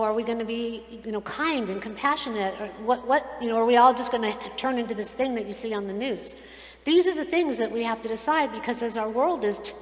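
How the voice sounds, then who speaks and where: A woman rabbi giving a sermon, telling stories in an animated, earnest way. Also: fairly high pitch. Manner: animated storytelling, earnest and preachy. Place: synagogue sanctuary. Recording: echoey hall, long reverb.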